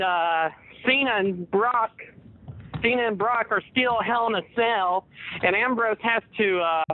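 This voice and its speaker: A man calling in to a live podcast, chatting casually in a slow, halting way with many pauses. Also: high-pitched, no echo. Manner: slow and halting, lots of filler. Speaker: caller. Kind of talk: casual chat over a call line. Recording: tinny dry phone line.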